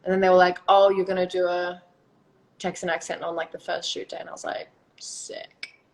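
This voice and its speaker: A woman's voice: on the low side, little pitch movement, fast, a little mellow, poor audio. A young woman with an Australian accent, chatting casually and giggling on a phone live stream. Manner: chatty, giggly, trails off into whispers. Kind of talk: casual chat. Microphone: phone on a video live stream.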